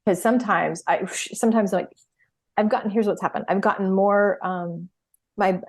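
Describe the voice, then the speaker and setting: A middle-aged woman in a casual interview chat who tells her stories with lots of energy. She acts out her own past reactions and laughs often. Her voice sits at an ordinary pitch for a woman. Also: steady tone, moderate pace. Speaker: podcast guest, healer and coach.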